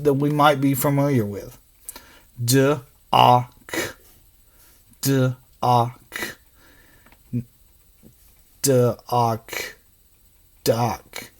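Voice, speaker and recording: A man gives a children's phonics lesson and stretches each letter sound out one at a time. He talks at a very slow, unhurried pace. His voice has a gravelly edge. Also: medium pitch. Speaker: teacher.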